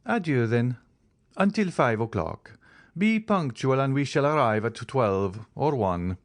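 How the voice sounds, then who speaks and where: A man reading the part of a mysterious, wealthy count in an audiobook, speaking in a measured, courteous way. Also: medium pitch, animated, dry recording, studio quality. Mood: composed.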